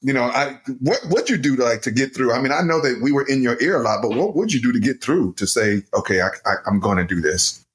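Middle-aged dad co-host, lively storyteller, laughs easily, chatty podcast register. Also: male voice, mid-range voice, quick pace, few pauses. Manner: animated storytelling, laughs often, addresses listeners as y'all. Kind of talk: casual family podcast chat.

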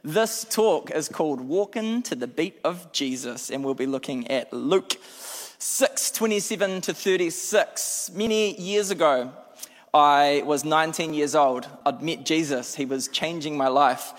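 A man with a New Zealand accent preaching a sermon as a lively, self-deprecating storyteller. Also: on the high side, a little slow. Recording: long hall reverb.

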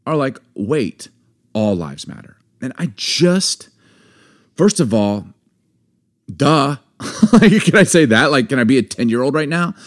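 In a candid podcast conversation, a man in his forties co-hosts with a medium-pitched, animated voice at a moderate pace. He argues his point emphatically and impassionedly, the heat building until he sounds angry.

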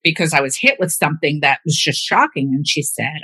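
A woman's voice: deep voice, lively intonation, brisk, hardly any pauses, fairly bright tone, breathy edge, no room sound. A woman caring for her mother, talking in a casual, chatty way and acting out the voices in her stories. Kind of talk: casual conversation.

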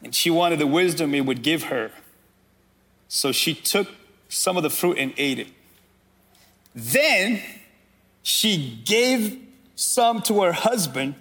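A man's voice: a little high, a bit bright. A man preaching a sermon as pastor, calling out directly to his congregation.

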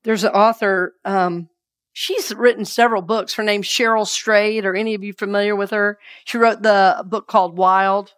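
Woman minister leading a gentle sermon. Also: mid-range voice, steady tone, normal speed, smooth. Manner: leads the congregation in call-and-response affirmations; soft and hushed when reading scripture and affirmations.

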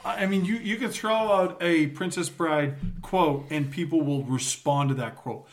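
A man's voice: a little high, a little slow. A man co-hosting a casual podcast, talking enthusiastically about movies. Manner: animated, enthusiastic. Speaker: podcast co-host. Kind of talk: casual chat.

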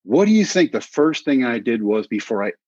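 A middle-aged man from Texas, a former pitcher, telling lively anecdotes as an interview guest and acting out quoted voices. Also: fairly quick, no echo. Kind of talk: casual storytelling. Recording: slightly dull dry sound.

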